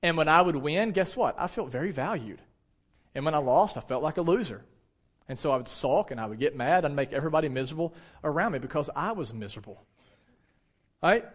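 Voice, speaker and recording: A man in his thirties preaches to his congregation in a direct, conversational way. His voice sits a little high for a man, and he tells personal stories with energy. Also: brisk. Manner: animated storytelling, shouts when acting out anecdotes. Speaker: pastor. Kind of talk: sermon.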